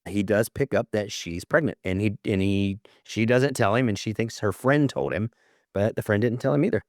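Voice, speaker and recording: A man's voice: fairly low pitch, moderate pace, a little mellow, no room sound. A man co-hosting a podcast, chiming in with dry, teasing remarks in casual chat.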